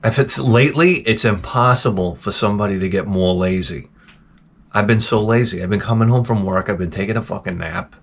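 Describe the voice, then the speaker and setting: A middle-aged man hosts his own show and grumbles his way through a casual, profane rant, clearly exasperated. His voice is low-ish and husky, and he speaks briskly.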